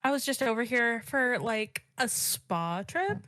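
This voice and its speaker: A woman's voice: a little high, very animated, unhurried, bright, forceful tone, no room sound. A woman playing a tabletop game, talking in character in a brash, slangy valley-girl way. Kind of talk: in-character roleplay.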